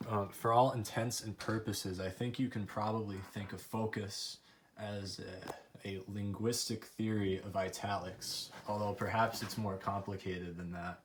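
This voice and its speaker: A man's voice: lowish voice, fairly even intonation, measured pace, a little hiss or hum. A young man giving an academic presentation, thoughtful and a little hesitant, with fillers as he explains his research. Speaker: student presenter.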